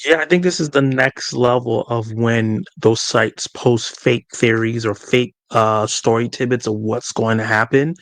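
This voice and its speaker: Animated man co-hosting a podcast chat. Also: medium pitch, a little slow, few pauses, no room sound. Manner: animated, acts out quoted reactions. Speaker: podcast co-host. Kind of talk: casual discussion.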